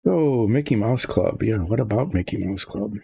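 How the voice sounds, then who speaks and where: A man's voice: fairly low pitch, animated, moderate pace, vocal fry, warm tone, husky, dry recording. An older man chatting casually as he works on a model, rambling through asides. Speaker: hobby model painter. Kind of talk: casual narration while working.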